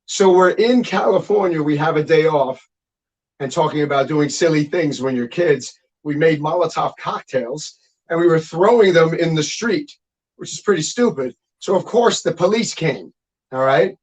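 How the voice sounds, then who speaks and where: A middle-aged man, a guest musician, telling stories in a casual, profane, animated interview chat. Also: fairly high pitch, moderate pace.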